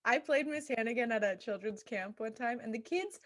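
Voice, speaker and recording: A woman's voice: fairly high pitch, moderate pace. Giggly woman hosting a podcast. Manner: giggly and eagerly agreeing. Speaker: podcast host. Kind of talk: casual chat.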